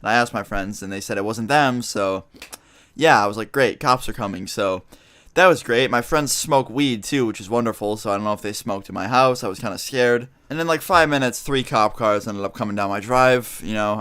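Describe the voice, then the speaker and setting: A man's voice: lowish voice, moderate pace, a bit bright, smooth. A teenage guy telling a story in a casual vlog, rambling and swearing as he acts out what people said. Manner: profane, rambling, recounts with quoted dialogue. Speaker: vlogger.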